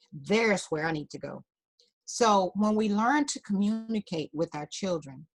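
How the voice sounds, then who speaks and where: A woman counselor, a talk-show guest, giving parenting advice in an emphatic, teacherly way. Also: on the low side. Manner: emphatic, teacherly, repeats key points. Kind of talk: advice in an interview.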